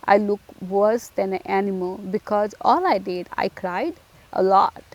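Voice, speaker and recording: A woman's voice: mid-range voice, a little slow. A woman giving an emotional personal testimony, talking earnestly to the listener and repeating phrases for emphasis. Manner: direct address to the listener.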